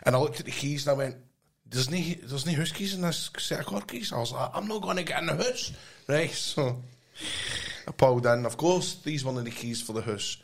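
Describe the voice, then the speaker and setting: A man's voice: mid-range voice, brisk. A Scottish man co-hosting a podcast, telling a funny story in casual chat and acting out the voices with frequent laughs. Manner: animated storyteller, acts out voices and laughs often. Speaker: podcast co-host. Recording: noisy background.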